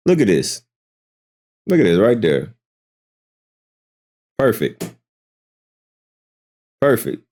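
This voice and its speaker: A man's voice: fairly low pitch, wildly swooping pitch, very slow, long pauses, a little mellow, a little hiss or hum. A man reacting to a clip in casual commentary, incredulous and mocking, swearing freely.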